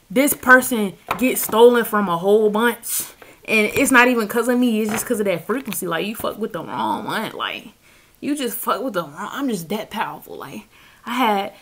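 Bright-voiced blunt woman tarot reader. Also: fairly high pitch, animated, moderate pace. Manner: blunt, profane, laughing often. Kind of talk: casual spiritual chat to camera. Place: seated indoors on a squeaky chair.

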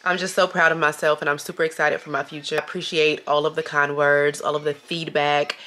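A woman vlogging casually to her camera at home, gushing and excitable, with lots of ums and likes. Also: low voice, fairly quick, a little hiss or hum. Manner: gushing and excitable, with many fillers. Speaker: small business owner and vlogger.

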